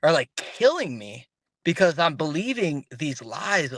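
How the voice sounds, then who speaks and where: A man on an interview podcast, there as a guest, speaks in a slightly high voice and takes his time, though the talk is casual and animated. He frequently restarts sentences and does the voices of people he quotes, with no room sound.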